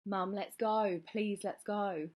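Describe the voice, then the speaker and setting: Woman reading a hurt teen girl, snappy and defiant, husky voice. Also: mid-range voice, expressive, normal speed. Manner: sharp, wounded retorts.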